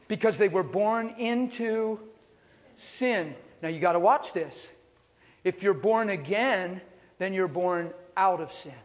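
Male pastor, lively storytelling sermon, a touch high-voiced, church hall reverb. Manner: animated storytelling with rhetorical questions. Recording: long reverb of a large hall.

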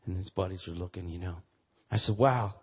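A man preaching a sermon with a personal testimony, stumbling and repeating words, then building to loud emphatic preaching. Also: deep voice, a little fast, breathy edge, long reverb tail. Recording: muffled lo-fi sermon recording.

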